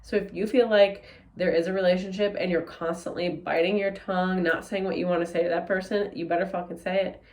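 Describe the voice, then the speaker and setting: A woman giving a casual tarot forecast, speaking in a blunt, animated way and swearing freely. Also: fairly low pitch, brisk, few pauses. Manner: blunt, profane, animated and candid. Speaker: tarot reader.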